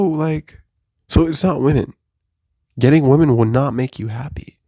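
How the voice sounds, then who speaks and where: A young man in a casual confessional monologue, rambling and self-deprecating, often rising into animated rhetorical questions. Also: a little high, takes it slowly, long pauses, no echo, studio quality. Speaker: vlogger. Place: his bedroom.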